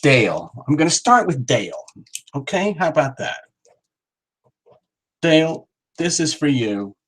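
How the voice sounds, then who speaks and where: A man's voice: a little high, big pitch swings, unhurried, fairly bright tone. A middle-aged man hosting a live tarot stream, rambling and joking as he calls out viewers by name. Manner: jokey, rambling, talks straight to viewers by name.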